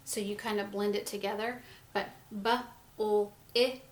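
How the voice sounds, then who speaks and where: A woman teaching a phonics lesson to young children, sounding out words letter by letter and gently encouraging them. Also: medium pitch, flat delivery, a little fast. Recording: echoey room with faint ambience.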